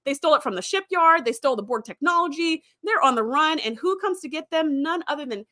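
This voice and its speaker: Bright-voiced woman recapping casually. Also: high voice, lively intonation, quick pace. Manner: chatty retelling with acted-out quotes and fillers. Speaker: host. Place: streaming setup.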